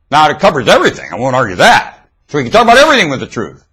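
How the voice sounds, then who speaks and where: Man, husky and forceful, preachy webcam monologue, emphatic, loud-then-hushed delivery. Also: fairly high pitch, wildly swooping pitch, racing, rough recording. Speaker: webcam commentator. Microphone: webcam microphone.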